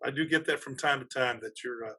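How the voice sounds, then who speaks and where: A man, an athletic director, telling animated stories as a podcast guest and laughing through them. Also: medium pitch, quick pace, breathy edge. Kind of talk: casual storytelling on a podcast.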